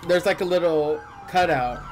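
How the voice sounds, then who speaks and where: A woman's voice: fairly low pitch, normal speed, darkish tone, slight background noise. A woman chatting casually while playing a roleplay game, laid-back and joking. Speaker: roleplay player.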